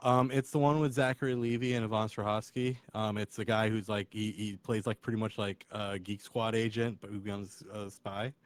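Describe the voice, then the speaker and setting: A man's voice: on the low side, fairly even intonation, normal speed, hardly any pauses, no room sound. A man co-hosting a podcast, chatting with enthusiasm about TV shows. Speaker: podcast co-host. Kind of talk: casual chat.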